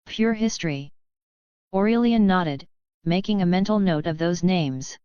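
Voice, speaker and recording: A woman narrating a fantasy novel audiobook in a steady, even storytelling manner. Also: lowish voice, normal speed, clean tone, no room sound, lo-fi sound. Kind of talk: scripted narration.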